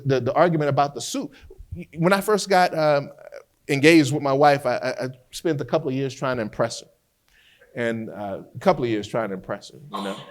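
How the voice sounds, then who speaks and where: A man teaching trial skills as a defense lawyer, an animated storyteller who often repeats words as he restarts a thought. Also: mid-range voice. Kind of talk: lecture with courtroom storytelling.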